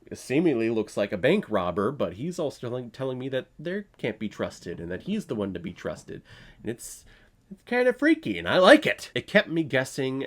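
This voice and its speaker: A man giving a casual, opinionated movie review, blunt, with sarcastic asides and the odd swear word. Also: mid-range voice.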